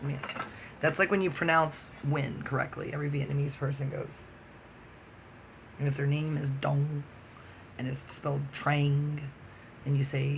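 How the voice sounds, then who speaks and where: A man's voice: on the high side, gravelly, noisy background. A man talking alone to the camera in a rambling, profane monologue that jumps from topic to topic. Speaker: vlogger.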